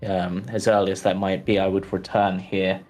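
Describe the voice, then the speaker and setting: A man's voice: sits low, little pitch movement, normal speed, darkish tone, soft background music, natural voice. A man voicing a cautious, polite village priest in a tabletop role-play, speaking hesitantly with many ums and restarts. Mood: earnest. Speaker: game master.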